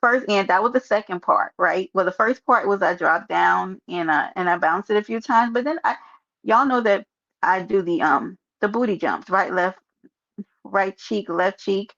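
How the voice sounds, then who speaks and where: New lady on a live stream, raspy fry in her voice, joking with chat, kinda dull lo-fi sound. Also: medium pitch, normal speed, a bit bright. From New York. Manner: playful, joking, talks straight to her chat. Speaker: livestreamer. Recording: muffled lo-fi stream audio.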